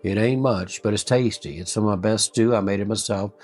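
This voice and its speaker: A man voicing a gruff but kindly old widowed gas-station owner in a folksy, plain-spoken drawl. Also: on the low side, a little fast, faint music behind, lightly acted.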